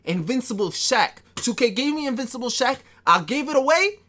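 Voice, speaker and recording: Excitable young male game streamer. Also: very high voice, normal speed. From New York. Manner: excitable, trash-talking, bursts into yelling and laughter. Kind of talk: live gameplay commentary.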